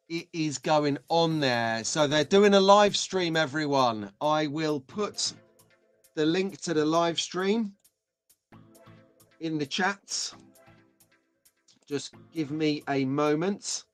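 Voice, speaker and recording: Chatty excitable British host, higher voice. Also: male voice, clear, resonant tone. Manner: chatty, excitable, greeting viewers by name. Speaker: live stream host. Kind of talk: casual live stream chat.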